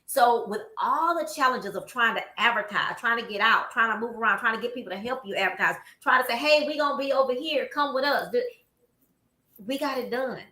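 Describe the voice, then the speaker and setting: A woman with a Southern US accent hosts a casual chat from an office room, her higher-pitched voice moving briskly. She tells stories with animation and acts out what people said, and the room sounds echoey.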